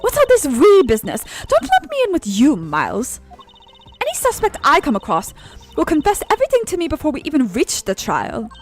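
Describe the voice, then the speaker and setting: A woman doing an arrogant young female prosecutor from a video game, speaking with a German accent. She sounds high, loud and imperious, full of scorn for her rivals. Soft music plays faintly behind her. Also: huge pitch swings, fairly quick. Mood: scornful. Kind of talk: video game dialogue read aloud.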